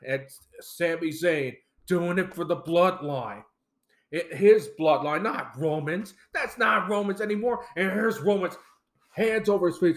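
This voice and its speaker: A man hosting a podcast, recapping wrestling in a casual, excitable style. Recorded in a roomy space. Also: sits high, measured pace. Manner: excitable, animated storyteller. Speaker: podcast host. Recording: roomy echo.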